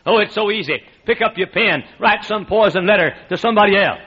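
A man's voice: high voice, fairly quick, bright, forceful tone, breathy edge. A man preaching a sermon as pastor, emphatic and swinging between jokes and pleading. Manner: emphatic preaching with frequent laughter from the room. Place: church sanctuary. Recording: muffled lo-fi sermon recording.

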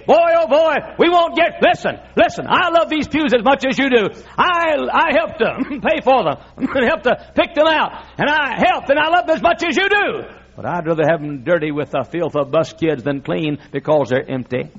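Husky high-voiced preacher man going full sermon mode, folksy, laughs a lot, dull old recording. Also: fairly bright tone. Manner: impassioned and folksy, laughing often. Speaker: pastor.

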